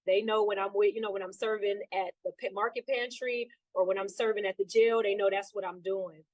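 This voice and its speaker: A woman's voice: mid-range voice, fairly even intonation, brisk, no room sound, low-quality recording. A woman guest in a casual interview, upbeat and talking freely with many fillers. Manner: upbeat, lots of fillers like "you know". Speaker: guest, trainer and sailor.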